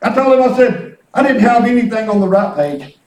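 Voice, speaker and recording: A man's voice: very high-pitched, animated, a little fast. A man preaching a fervent, folksy sermon, mixing humor and repetition. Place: church sanctuary. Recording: echoey church, mic at a distance.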